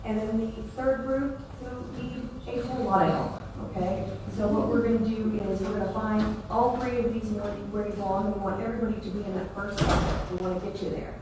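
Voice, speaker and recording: A woman's voice: medium pitch, fairly even intonation, a little fast, hardly any pauses. Southern woman speaking in an echoey hall. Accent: Mississippi Southern US. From Mississippi. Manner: friendly, chatty, self-deprecating. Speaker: presenter at a meeting. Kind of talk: casual presentation to a live audience. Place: large meeting hall. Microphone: room mic from a distance. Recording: echoey hall from far off, noisy.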